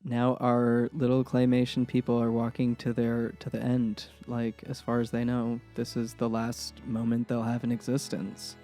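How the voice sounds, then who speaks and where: A man's voice: medium pitch, completely flat delivery, normal speed, few pauses, mellow, faint music behind. A young man co-hosting a podcast in casual chat, rambling and self-deprecating as he tells stories, often laughing. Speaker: podcast co-host.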